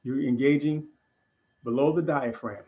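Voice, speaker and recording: Male breathwork instructor, measured guiding delivery, mid-range voice, muffled stream sound. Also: medium pitch. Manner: calm, deliberate instruction with pauses. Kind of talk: guided breathing lesson.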